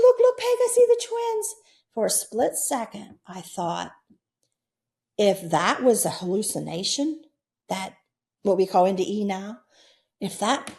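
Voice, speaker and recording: Woman, 60s, interview guest, heartfelt storyteller, mid-range voice that jumps up high and loud in the tense moments. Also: vocal fry. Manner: earnest, emotional storytelling with sudden high, loud bursts. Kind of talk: recounting personal near-death experiences.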